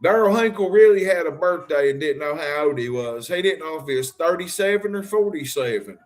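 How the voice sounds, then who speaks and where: A man rambles through a livestream, calling out to viewers by name and firing off jokes. His voice sits a little higher than most men's. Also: expressive, fairly quick, few pauses. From Harlan County, Kentucky. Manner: rambling, addresses viewers directly, jokey. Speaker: livestream host. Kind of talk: rambling livestream talk to chat.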